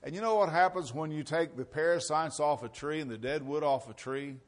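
A man's voice: a little high, fairly quick. A man preaching a sermon to a congregation, mixing scripture readings with conversational, folksy asides. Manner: reads scripture aloud with rising emphasis.

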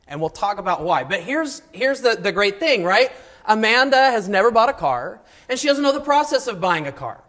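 A man teaching a classroom of high schoolers, talking casually, adding wry asides and often checking in with "okay?". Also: very animated, normal speed, fairly bright tone. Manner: mildly sarcastic asides. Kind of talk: classroom lesson. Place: classroom with students.

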